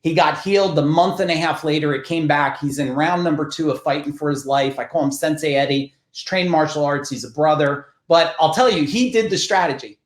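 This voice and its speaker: A middle-aged man from New Jersey with a New Jersey accent, a podcast guest telling business stories in a blunt, profane, animated way. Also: on the high side, a little fast, few pauses, reverberant. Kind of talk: casual podcast storytelling.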